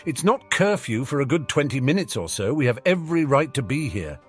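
A man's voice: mid-range voice, very animated, slightly rough, faint music behind, pitched above the performer's own voice. A man voicing a cocky sarcastic teen boy wizard. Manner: smug, quick-witted banter.

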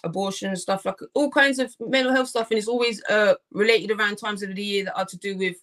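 A woman's voice: mid-range voice, steady tone, brisk, fairly bright tone. A young woman, a poet and artist, chatting and joking as a guest on a video call, with lots of fillers. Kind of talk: casual interview over video call.

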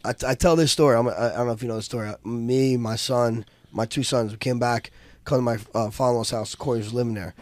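A middle-aged man on a casual podcast, telling fight stories in an animated, profane way and acting out other people's voices. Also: medium pitch, fast talker, dry recording. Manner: animated storyteller, profane, acts out voices loudly. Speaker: podcast co-host, fight coach.

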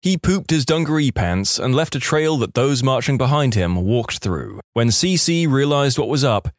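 A man reading out collected stories in a wry, deadpan-leaning narration, with a mid-pitched voice that rises and falls with a lot of life. The sound is dry and close, with no room around it. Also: moderate pace, no room sound. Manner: dry, wry storytelling with quoted dialogue. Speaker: story narrator. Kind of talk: scripted narration of online stories.

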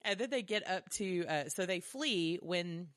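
A woman co-hosting a podcast, chatting casually about a movie in an animated way, swearing freely as she retells scenes. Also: lowish voice, measured pace, dry recording, studio quality. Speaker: podcast co-host. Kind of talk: casual movie review chat.

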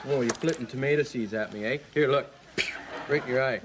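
A man's voice: mid-range voice, fairly quick, noisy background, close to an everyday voice. An actor playing a dim-witted young Canadian man who hosts a cheap show with his brother, rambling with "like" and "right?", with a Canadian accent. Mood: rambling chat. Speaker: comedy sketch character.

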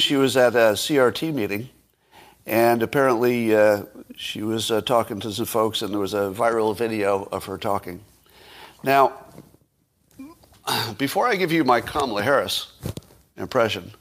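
A man giving casual livestream commentary, sarcastic, asking rhetorical questions and tossing dry asides. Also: on the low side. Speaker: political commentator.

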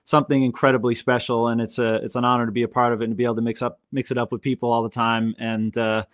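A man's voice: medium pitch, flat delivery, rapid-fire, dry recording, studio quality. A man from Canada on a podcast, sounding earnest and enthusiastic as he talks. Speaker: podcast guest. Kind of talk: casual podcast chat.

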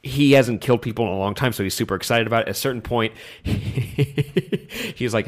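A young man co-hosting a podcast, retelling scenes in an animated, rambling way and jumping into quick voices. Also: mid-range voice. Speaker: podcast co-host. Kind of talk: casual chat.

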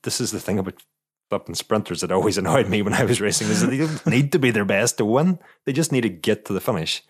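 A man's voice: lowish voice, fast, husky, dry recording, studio quality. A man and former racer chatting casually as a podcast co-host, often repeating words as he thinks aloud. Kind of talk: casual cycling chat.

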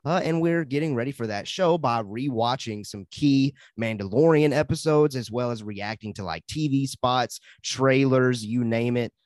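A man's voice: medium pitch, moderate pace, hardly any pauses, a little mellow, no room sound, clean studio sound. A young adult man co-hosting a podcast, chatting casually and enthusiastically, rambling and laughing often. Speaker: podcast co-host. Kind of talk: casual chat.

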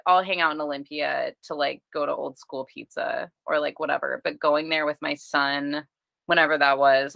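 Brief: low-pitched woman, frank sweary podcast talk, dry close mic. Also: vocal fry, a bit bright, no room sound. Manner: candid, swears freely, lots of "like". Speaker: podcast guest or co-host. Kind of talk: casual chat.

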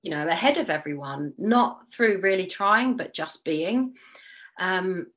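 Woman, 40s, low voice, lively anecdotal storyteller, slightly muffled recording. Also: a little slow. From East London, England. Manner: animated storyteller, acts out quoted voices, frequent restarts. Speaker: interview guest, former Olympic athlete. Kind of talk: casual storytelling interview.

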